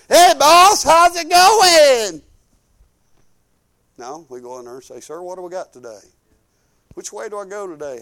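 An older man, a pastor telling folksy stories in a sermon and acting out the quotes. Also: high-pitched. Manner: folksy, animated storytelling with acted-out quotes. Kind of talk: storytelling sermon.

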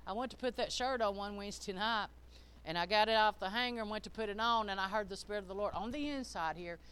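An older woman preaching a sermon, emphatic and folksy, swinging between loud and hushed. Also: mid-range voice, fast, smooth.

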